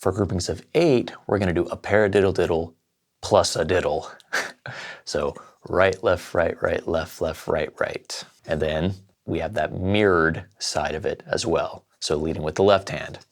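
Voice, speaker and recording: A man with a very low, gravelly voice teaches a casual drum lesson. He walks through sticking patterns step by step and counts the beats out loud, in a relaxed, informal way. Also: measured pace, a little hiss or hum. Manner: explains step by step, counts aloud.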